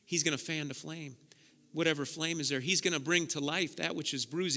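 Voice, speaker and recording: A man's voice: fairly high pitch, fairly even intonation, a little fast, creaky, bright, forceful tone. A man preaching a sermon with passion, often repeating words as he builds up. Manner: impassioned preaching, repeats words when worked up. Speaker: pastor. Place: church sanctuary. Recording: long reverb of a large hall.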